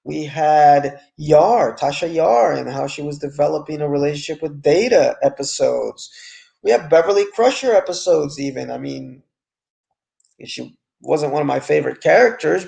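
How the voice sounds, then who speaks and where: A man with a somewhat high, gravelly voice talks through a TV episode review. His talk is loose and opinionated, full of asides and frank remarks. The delivery is casual and animated. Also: moderate pace. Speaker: TV series reviewer.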